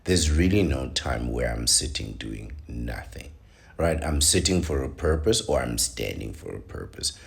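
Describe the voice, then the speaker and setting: A man's voice: very deep voice, animated, moderate pace, gravelly. A man hosting a show, reading an article aloud and breaking off into opinionated, preachy rants. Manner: preachy, rants with rising emphasis.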